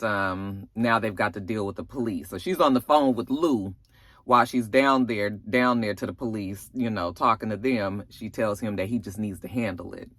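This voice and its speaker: A man's voice: fairly low pitch, pushed and bright, no echo, clean studio sound. A man giving a casual, chatty recap of a TV episode, colloquial and full of fillers. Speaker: TV episode reviewer.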